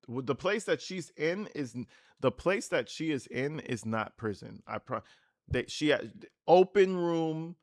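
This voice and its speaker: A man's voice: a little high, expressive, a little slow. A man hosting a livestream, commenting in a blunt, sarcastic way with lots of swearing.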